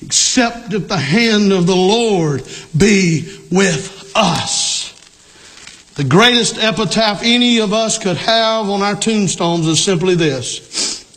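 A middle-aged male pastor preaching a sermon, emphatic, repeating key lines and rising to shouts. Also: sits high, takes it slowly.

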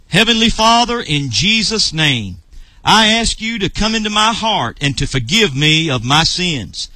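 Earnest bright-voiced man leading a prayer. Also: high voice, very animated, a little slow, no room sound. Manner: earnest, leads a prayer to repeat. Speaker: ministry broadcast host. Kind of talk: closing prayer.

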